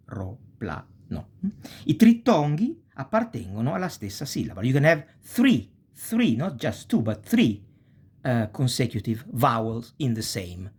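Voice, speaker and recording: A man with an Italian accent teaching a language lesson, slowly spelling out syllables and checking in with "eh?". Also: medium pitch, a little mellow, husky. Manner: slow, spells out syllables, tags with "eh?".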